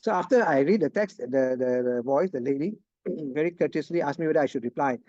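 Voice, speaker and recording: A chatty man teaches an online class in a casual way. His voice sits a little high but sounds mellow. The sound is dull and lo-fi, like a video call. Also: brisk, no echo. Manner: chatty, laughs often, asks "right?". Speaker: lecturer.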